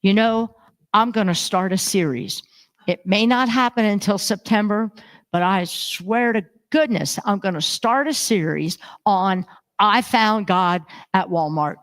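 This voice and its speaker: In a church sanctuary, a woman minister with a mid-range voice preaches a sermon a little slowly, telling stories animatedly and acting out the voices of the people in them.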